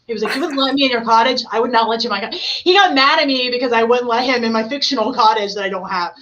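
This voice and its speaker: Bright-voiced woman chatting on a podcast. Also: a little high, fast. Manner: animated, laughing storyteller. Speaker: podcast host. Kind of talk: casual chat. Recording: slightly muffled with faint hiss.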